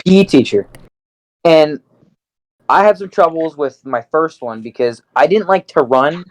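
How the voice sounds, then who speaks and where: A man's voice: on the high side, low-quality recording. A teenage man co-hosting a podcast, telling a rambling school story in casual, profane chat full of fillers. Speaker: podcast co-host.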